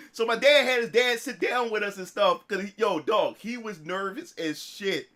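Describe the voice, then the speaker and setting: High, bright-voiced male streamer. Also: normal speed. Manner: animated, profane, full of restarts. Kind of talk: casual storytelling on a livestream.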